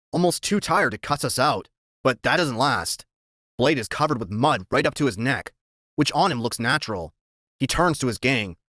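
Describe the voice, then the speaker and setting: A man reading a children's story aloud in the first person, telling it in a lively, expressive way. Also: medium pitch, dry recording, studio quality. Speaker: reader.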